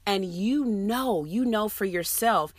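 A woman's voice: mid-range voice, expressive, slow pace, dry recording. A woman, giving an earnest, emphatic motivational talk to fellow teachers. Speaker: educator addressing teachers.

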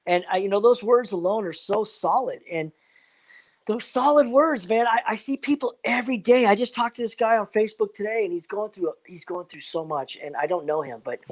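A man's voice: high-pitched, a little fast. A man chatting casually, rambling and upbeat, full of fillers and motivational asides. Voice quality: rambling, repeats "man" and "you know what". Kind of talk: casual chat.

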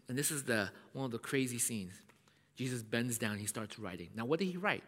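A male pastor preaching a sermon as animated storytelling. He checks in often with "right?" and suddenly drops his voice to a whisper. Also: mid-range voice, brisk. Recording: echoey hall.

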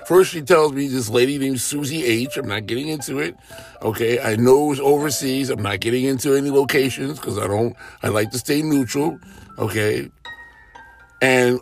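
A man's voice: medium pitch, moderate pace, vocal fry, long pauses, soft background music. A man in a casual, rambling monologue, animatedly telling everyday stories and acting out what others said. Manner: animated, rambling, acts out quotes. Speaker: storyteller.

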